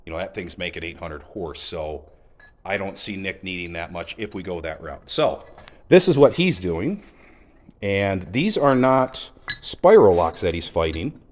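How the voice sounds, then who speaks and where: A man walking through an engine build in a garage, in a relaxed, folksy, explanatory way. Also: low voice, measured pace. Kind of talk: casual shop demonstration. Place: garage workshop.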